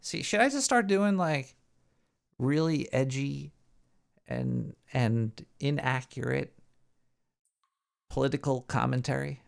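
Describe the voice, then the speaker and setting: A man hosting a live show, rambling and joking as he thinks out loud. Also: medium pitch, sing-song, slow, vocal fry, pauses often. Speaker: show host. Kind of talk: casual live show banter.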